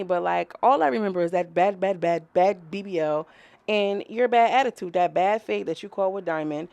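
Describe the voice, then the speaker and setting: A woman's voice: mid-range voice, moderate pace, creaky, no echo. A woman reviewing a reality show episode in a casual vlog, chatty, rambling and profane as she talks straight to her viewers.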